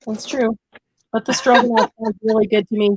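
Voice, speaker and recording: A woman's voice: on the high side, level tone, brisk, slight background noise, low-quality recording. A woman co-hosting a casual chat, agreeing and encouraging with short replies.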